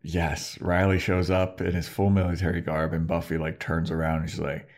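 Low-voiced man recapping casually. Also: flat delivery, brisk, breathy edge. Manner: retells scenes in mock character voices, lots of swearing. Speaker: podcast co-host.

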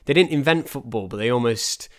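A man's voice: mid-range voice, expressive, fairly quick. A man chatting casually on a football podcast, thoughtful and hesitant. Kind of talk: casual chat.

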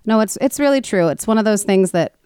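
A woman co-hosting a podcast and telling a true-crime story in a chatty, animated way with frequent restarts. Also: mid-range voice, fairly quick, smooth, no room sound, studio quality. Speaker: podcast co-host.

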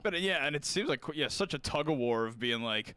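Bright, crisp-voiced male podcast host. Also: mid-range voice, brisk. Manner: relaxed, reactive, laughs along with the guest. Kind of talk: casual interview chat.

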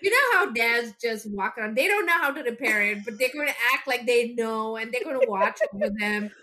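Woman, fairly high voice, casual podcast chat, agreeable, chimes in. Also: lively intonation, a little fast, sharp tone. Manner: agreeable, chimes in, laughs along. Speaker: podcast co-host.

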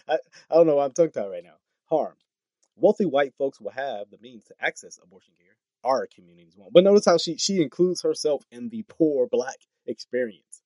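A man delivering casual commentary straight to the mic, his pitch swinging widely as he reacts with disbelief. He trips over words and repeats himself, and the recording is dry and close. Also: a little fast, no room sound. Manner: animated, incredulous, stumbles over words with laughs. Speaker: political commentary host. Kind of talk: casual commentary reading tweets.

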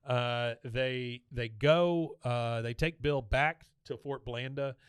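A man's voice: mid-range voice, clear, resonant tone, dry recording. A man co-hosting a podcast, casually retelling cartoon scenes and acting out the characters' lines with a laugh. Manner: animated retelling, acts out lines in quick voices, laughs often. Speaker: podcast co-host recapping a cartoon episode.

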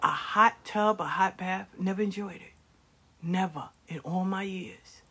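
At a measured pace, a grandmother of nine speaks in a mid-range, sharp-toned voice with a breathy edge. She tells stories casually and passionately about life lessons, often slipping into a whisper.

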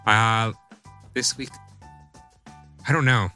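A man's voice: lowish voice, fairly even intonation, takes it slowly, bright, forceful tone, clear, resonant tone, soft background music. A man, a stand-up comedian, chatting on a podcast in a rambling way full of fillers. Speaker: comedian co-host. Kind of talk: casual podcast chat.

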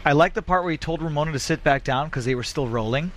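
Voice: mid-range voice, quick pace, a bit bright. A co-host in a casual podcast chat, dropping jokey interjections.

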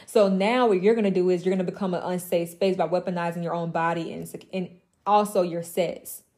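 Blunt, emphatic woman with a mellow voice. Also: lowish voice, fairly even intonation, a little fast. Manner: emphatic, repetitive, blunt and profane, with mocking asides. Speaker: women's mentor. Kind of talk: impassioned motivational monologue.

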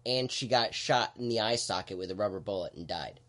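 A man hosting a podcast, explaining things in a relaxed, halting way with lots of fillers. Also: on the low side. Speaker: podcast host. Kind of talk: casual podcast chat.

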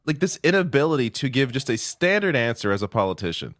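A man co-hosting a loose panel chat sounds incredulous and critical. His pitch swings in a lively way around a mid register. The recording is dry and close. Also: fast, dry recording. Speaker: panel co-host. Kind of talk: casual panel banter.

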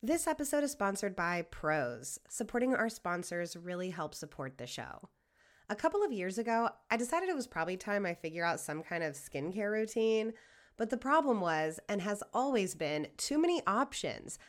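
Woman, podcast host, sponsor ad read, upbeat, personal, mid pitch. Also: very animated, moderate pace.

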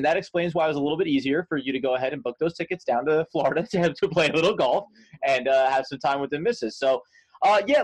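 A man's voice: mid-range voice, no echo. A man co-hosting a sports podcast, chatting casually in a rambling, joking way with many restarts. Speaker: podcast co-host.

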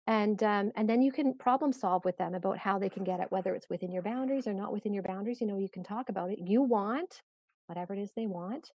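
A middle-aged woman, a parenting coach, explaining calmly in a podcast interview, with many fillers and restarts. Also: mid-range voice, dry recording.

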